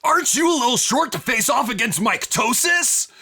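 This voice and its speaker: A man's voice: very high voice, very animated, fairly quick, pushed and bright, breathy edge, voice pushed up, exaggerated voice. A man voicing a huge, brash wrestler villain who boasts about himself in the third person. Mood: taunting. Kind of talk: tabletop role-play voice.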